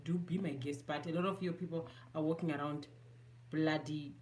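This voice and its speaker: A woman's voice: low voice, steady tone, moderate pace, a little mellow, a little hiss or hum. A woman from Zimbabwe with a Zimbabwean accent, chatting casually through a makeup tutorial, self-mocking and mixing English with Shona. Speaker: beauty vlogger.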